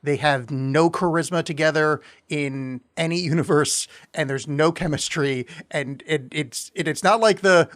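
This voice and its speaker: Sardonic higher-voiced man reviewing a film. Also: fairly bright tone. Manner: halting, many restarts, sardonic. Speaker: podcast co-host. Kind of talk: casual film review chat.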